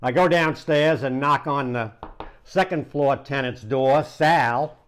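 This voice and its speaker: A man's voice: mid-range voice, slow, clean tone. A man, a landlord and real estate investor, telling an anecdote in a casual, conversational way with frequent chuckles. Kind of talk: anecdotal storytelling.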